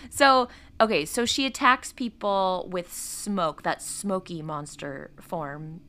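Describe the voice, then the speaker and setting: A woman's voice: lowish voice, slow, pushed and bright. A woman hosting a casual podcast chat, recapping an episode in a chatty way, laughing often and trailing off mid-thought.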